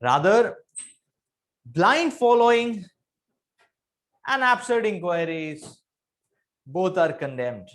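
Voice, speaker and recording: Delivering a spiritual talk that moves between instruction and story, a man with a strikingly high voice speaks earnestly, repeating phrases for emphasis. His delivery is sing-song and slow, with long pauses and dramatic rises and falls in pitch and volume.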